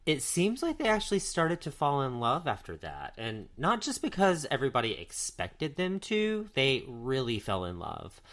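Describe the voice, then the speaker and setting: A man's voice: mid-range voice, huge pitch swings, normal speed, few pauses, fairly bright tone. A man co-hosting a podcast, telling history as casual storytelling. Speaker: podcast co-host. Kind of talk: casual chat.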